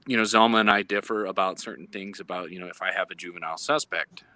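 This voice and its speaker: A law enforcement officer calls into a live chat by phone, explaining things earnestly and frequently pausing to find the right words. His voice is on the low side yet bright and forceful, and the recording is dry.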